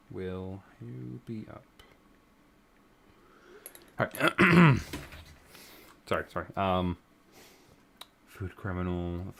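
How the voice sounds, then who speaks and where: Slow-talking, emotional man reacting with curses. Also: sits low, gravelly, a bit bright, a little hiss or hum. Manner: swears often and sighs between remarks; emotional and easily moved. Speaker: reaction video host. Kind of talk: casual reaction commentary.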